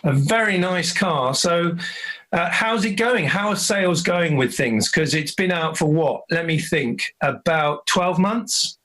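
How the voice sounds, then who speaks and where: A man's voice: a little high, measured pace, a bit bright, poor audio. Joking older male host. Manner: jokey, self-deprecating. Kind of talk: live online interview chat.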